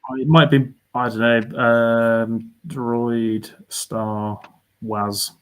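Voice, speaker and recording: A man with a mid-pitched voice co-hosts a relaxed podcast chat over beers. He meanders through his stories and laughs between phrases. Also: extremely slow, clear, resonant tone. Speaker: podcast co-host.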